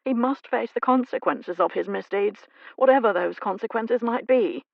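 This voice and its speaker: A woman narrator voicing a weary, remorseful older uncle and father in an audiobook, with a gravelly, earnest delivery. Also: sits high, normal speed, no room sound, muffled recording, pitched above the performer's own voice. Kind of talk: audiobook character reading.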